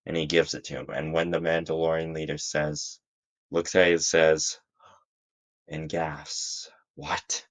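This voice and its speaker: Very deep-voiced man narrating a fan story. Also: little pitch movement, moderate pace. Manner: rambling, frequent restarts. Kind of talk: casual fan-fiction storytelling.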